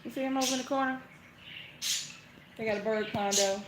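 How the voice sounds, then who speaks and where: A middle-aged woman, chatting casually on a phone livestream from home and greeting each viewer with a high "hey". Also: steady tone, a little fast, background noise. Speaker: vlogger hosting a phone livestream. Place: at home, indoors. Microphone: phone held at arm's length. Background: pet birds chirping.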